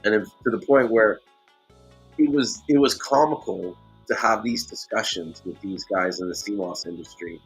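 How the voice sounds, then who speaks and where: A man's voice: fairly low pitch, moderate pace, husky, soft background music. A man hosting a casual livestream chat, telling stories and acting out other people's voices. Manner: animated storytelling, acts out others' voices. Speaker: host.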